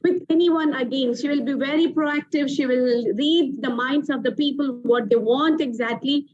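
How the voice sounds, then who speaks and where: A woman's voice: high-pitched, fairly even intonation, normal speed. A woman hosting a show, telling a motivational story with emphatic repeated phrases, in a muffled lo-fi recording. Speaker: TV show host.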